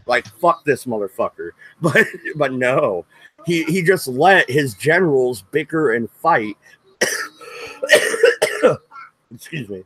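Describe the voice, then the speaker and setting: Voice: medium pitch, fairly bright tone, rough recording. A young adult co-host of a stream who debates bluntly, swears freely and reads out chat questions.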